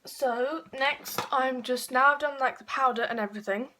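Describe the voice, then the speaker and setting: A woman, chatting casually through a makeup tutorial with frequent fillers and quick self-corrections. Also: sits high, sharp tone, slight background noise. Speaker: beauty vlogger.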